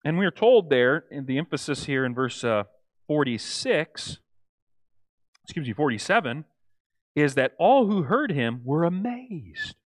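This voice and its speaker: A man teaching a church Bible study in a lively, conversational way, often acting out quoted lines and checking in with the group. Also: on the high side, measured pace, no room sound, clean studio sound. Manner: animated, acts out quoted lines, asks the group "right?".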